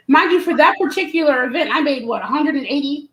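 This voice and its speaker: A woman guest, an event promoter, telling an animated story with laughter. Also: high voice, fast talker. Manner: animated, laughing, acts out quotes. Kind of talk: casual storytelling. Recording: roomy echo.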